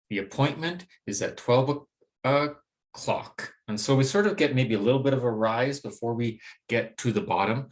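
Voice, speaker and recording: Male pronunciation teacher with a fairly low voice, measured lecture delivery with lots of hedging. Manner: measured explanatory delivery, many hedges like "sort of" and "maybe". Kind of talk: recorded lecture with slides.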